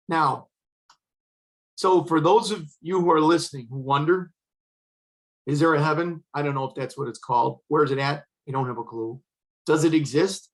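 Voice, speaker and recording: Older man with a gravelly voice telling a personal story. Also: a little high, normal speed, pauses often, rough recording. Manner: emotional, earnest, quotes others in dialogue. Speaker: retired fire chief.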